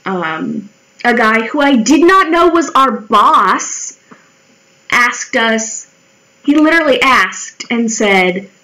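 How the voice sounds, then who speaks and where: A woman's voice: a little high, a bit bright, rough recording. A young woman chatting casually in a vlog while she draws, candid and swearing freely, often mimicking the people in her stories. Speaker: vlogger. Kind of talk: casual chat while drawing.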